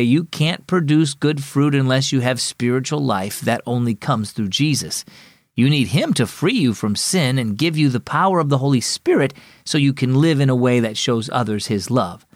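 A man voicing a kindly, patient Sunday school teacher who speaks gently and encouragingly. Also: mid-range voice, animated, normal speed, dry recording, clean studio sound, close to an everyday voice. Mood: gentle.

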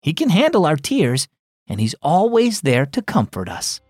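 A man voicing a kind, thoughtful aunt who speaks gently and reassuringly. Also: fairly high pitch, wildly swooping pitch, moderate pace, breathy edge, no echo, clean studio sound, exaggerated voice. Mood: gentle.

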